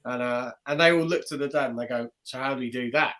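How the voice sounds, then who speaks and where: A man's voice: mid-range voice, fast. A man, a guest magician telling a story in casual podcast chat, acting out the voices of the people in it. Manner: animated, acts out the voices of people in his stories.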